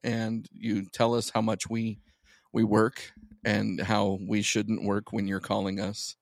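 A man's voice: on the low side, monotone, slow, gravelly, no room sound, clean studio sound. A man co-hosting a podcast in casual chat, rambling and repeating words as he goes. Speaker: podcast co-host.

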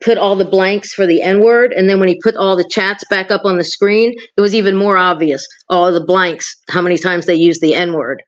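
A woman's voice: lowish voice, brisk, hardly any pauses. Middle-aged woman, podcast guest, rambling storytelling, slightly dull sound. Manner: rambling, many restarts, animated quoting. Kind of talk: casual storytelling.

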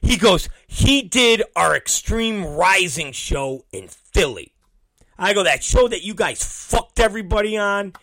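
A man tells a long, swear-filled story with a bright, lively voice that jumps up and down in pitch. He talks slowly and drops into low, mumbled impressions of the people he quotes. The sound is dry and close. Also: no echo. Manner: acts out both sides of conversations, swears constantly; animated, mimics others in low mumbling voices. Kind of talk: profane storytelling rant.

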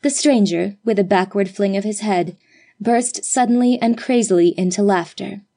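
A woman narrates an old-fashioned story with a measured, expressive delivery. Her voice is mellow and warm rather than bright. She sits in the middle of the usual range for pitch. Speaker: audiobook narrator.

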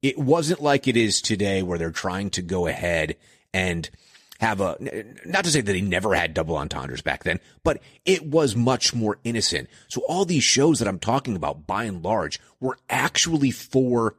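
Low, husky-voiced man rambling nostalgically. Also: sing-song, moderate pace, a bit bright, dry recording, clean studio sound. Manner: rambling, chuckling at his own slips. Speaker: podcast host. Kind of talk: casual nostalgic monologue.

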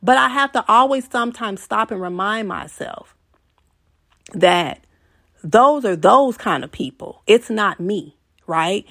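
A woman's voice: mid-range voice, expressive, unhurried, a bit bright, dry recording, clean studio sound. A woman hosting a venting show, giving a blunt, preachy, casual encouraging monologue that swears freely.

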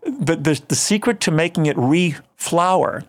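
An older man with a slightly high voice chats in an interview and tells stories with animation. He breaks into brief mimicry of other people, then carries on explaining. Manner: animated storyteller who mimics people in quick asides. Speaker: guest, singer and plant grower. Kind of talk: casual interview chat.

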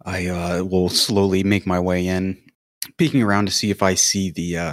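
A man with a husky voice talking hesitantly as a player at a tabletop game. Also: sits low, level tone, moderate pace, fairly bright tone. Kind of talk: casual tabletop game talk.

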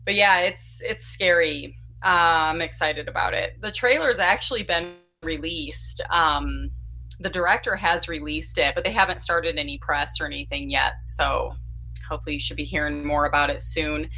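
A woman's voice: sits low, moderate pace, bright, forceful tone, slight background noise, low-quality recording. A woman with a Chicago accent, an actress guest talking upbeat with many fillers. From Illinois. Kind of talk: casual interview.

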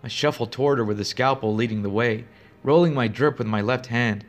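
A man with a brisk, mid-range voice narrates a first-person horror story, keeping it steady, grave, and suspenseful.

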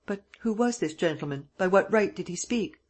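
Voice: mid-range voice, animated, normal speed, husky, voice pushed up. A reader voicing a flustered, blustering police sergeant who questions hotel staff, in an audiobook. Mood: pressing. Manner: blustering and undecided, raising the voice.

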